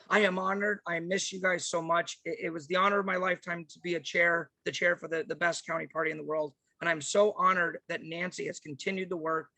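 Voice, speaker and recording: Upbeat man on a video call rallying donors, high bright voice, dry sound. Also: dry recording, poor audio. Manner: excited, jokey, thanking donors by name. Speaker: former county party chair running a fundraiser. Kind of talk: upbeat fundraising appeal on a virtual convention.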